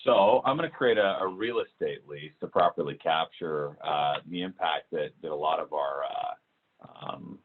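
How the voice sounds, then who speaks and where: A man walking through a software demo in a webinar, talking with many fillers and restarts. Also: a bass voice, normal speed, slight background noise. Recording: tinny phone-like call audio.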